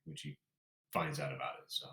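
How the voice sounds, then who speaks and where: A man hosting a charity game stream, earnestly and haltingly thanking viewers. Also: rumbling low, huge pitch swings, vocal fry, bright, forceful tone. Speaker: stream host. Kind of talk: casual chat on a charity stream. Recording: roomy echo.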